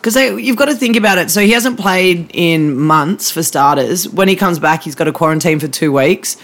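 A man's voice: a little high, normal speed, fairly bright tone. An Australian man co-hosting a sports podcast, telling cheeky, self-mocking stories in casual banter. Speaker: podcast co-host.

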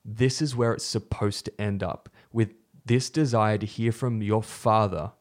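Relaxed man telling a faith story. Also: lowish voice, a little slow. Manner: relaxed and storytelling, with fillers and self-corrections. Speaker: podcast co-host. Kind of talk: conversational faith podcast teaching.

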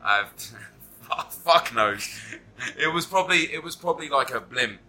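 A man's voice: medium pitch, animated, measured pace, pushed and bright, a little hiss or hum, low-quality recording. A man hosting a podcast, rambling and joking casually with frequent swearing. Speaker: podcast host. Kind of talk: casual chat.

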